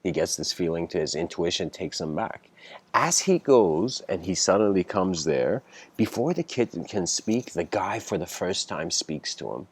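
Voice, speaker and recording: A man's voice: sits low, expressive, normal speed, slightly rough. A young man giving a casual spoken lecture, rambling with many fillers and restarts and voicing the people in his story. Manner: acts out characters in the story with raised voice.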